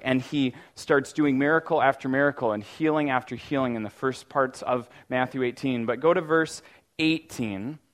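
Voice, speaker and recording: A man preaching a sermon in a casual, conversational way, often saying "like" and restarting sentences, now and then breaking into loud mock-panic cries. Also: mid-range voice. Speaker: pastor.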